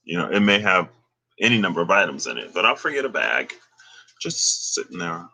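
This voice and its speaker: A man with a low voice and a hard, bright edge tells a dream in an easy, offhand way. He drops slang and chuckles between thoughts, like a casual vlogger talking straight to camera. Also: sing-song, brisk, gravelly, slightly rough. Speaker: dream recounter. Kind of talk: casual storytelling.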